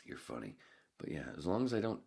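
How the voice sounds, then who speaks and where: Male podcast host, very low and fry-heavy, animated pitch swings, profane joking ramble with whispered asides, nursing a painful elbow. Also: fast talker. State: in pain from a healing elbow. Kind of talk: casual rambling podcast monologue.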